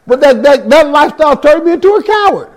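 A man's voice: extremely high pitch, big pitch swings, quick pace. A man preaching a sermon, telling his own testimony with street slang, scripture and repeated words.

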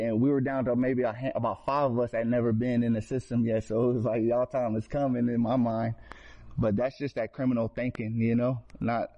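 A man telling his personal faith testimony in casual storytelling, earnest, with street slang and frequent restarts. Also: mid-range voice. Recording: slightly dull lo-fi recording.

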